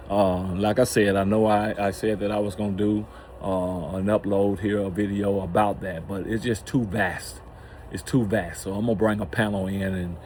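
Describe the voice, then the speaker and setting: A man hosting his own channel, talking through a religious teaching in a casual, halting way with many restarts. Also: fairly low pitch, mellow, slight background noise. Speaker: channel host.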